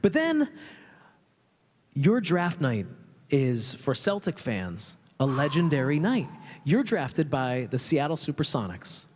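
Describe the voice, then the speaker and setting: Lively male interviewer in a reverberant hall. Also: a little high, slow, a little hiss or hum. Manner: chatty, leading questions with short affirmations. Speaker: interviewer, event host. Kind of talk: live interview. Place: large indoor hall at a museum event.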